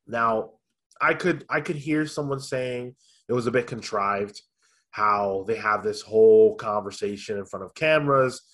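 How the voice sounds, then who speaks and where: A man co-hosting a podcast, chatting casually in a thoughtful way, often pausing with ums and restarting his sentences. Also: medium pitch, fairly bright tone. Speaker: podcast co-host. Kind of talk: casual review chat.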